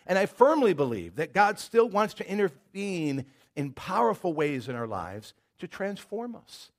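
Lively middle-aged male pastor preaching. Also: high voice, unhurried. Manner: animated storytelling, repeats words as he builds. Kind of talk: sermon.

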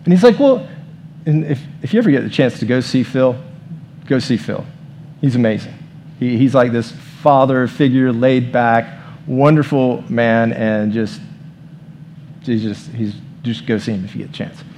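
Pastor, man, mid-pitched, casual sermon delivery, light background hiss. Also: steady tone, moderate pace, a little mellow. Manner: informal, leads the room in prayer. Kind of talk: conversational sermon.

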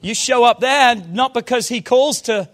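Man, pastor, sermon, high voice, fervent, quiet asides to loud calls. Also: unhurried. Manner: fervent preaching, swinging from low intimate asides to loud shouted calls. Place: church service.

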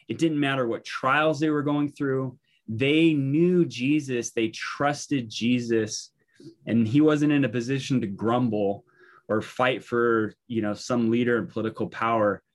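A male Bible teacher with a voice of ordinary, middle pitch talks through scripture in a loose, conversational way. He thinks aloud as he goes, often pausing on fillers and restarting his sentences.

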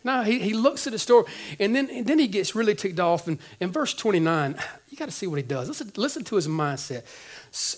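A male pastor preaching a sermon in casual slang, swinging between loud and hushed. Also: high-pitched, expressive, brisk.

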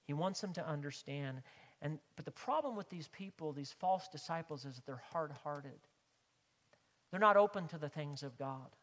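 A man preaching a sermon as pastor, with impassioned emphasis that swings between loud declarations and hushed, near-whispered lines. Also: fairly high pitch, big-room sound.

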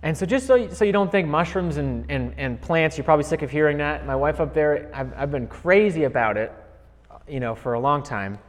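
A man giving a heartfelt personal sermon, speaking earnestly with frequent restarts and slowing down to read scripture aloud. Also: a little high, lively intonation, long reverb tail. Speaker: preacher.

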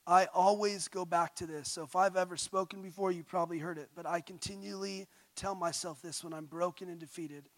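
A man in his thirties from California preaching a sermon, passionate, dropping to quiet intimate tones and rising to loud exhortation. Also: high-pitched, fairly even intonation, a little fast, few pauses, no echo. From California, USA.

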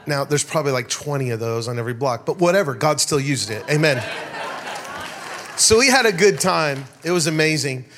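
A middle-aged pastor giving a sermon, telling stories in an animated way and calling out to his congregation. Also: fairly high pitch, brisk. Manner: animated storyteller, rhetorical calls to the crowd. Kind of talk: sermon with storytelling.

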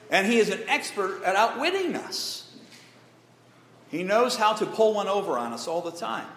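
Emphatic high-voiced man preaching. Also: fairly bright tone. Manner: emphatic, asks the congregation questions. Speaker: pastor. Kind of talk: sermon. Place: church sanctuary. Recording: echoey hall reverb.

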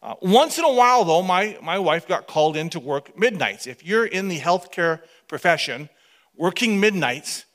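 A pastor in his fifties telling a story from the pulpit, his voice pitched high and ringing bright. He acts the story out dramatically, often dropping to a near hush for effect. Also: normal speed. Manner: animated, dramatic storytelling that drops to hushed tones. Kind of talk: storytelling sermon.

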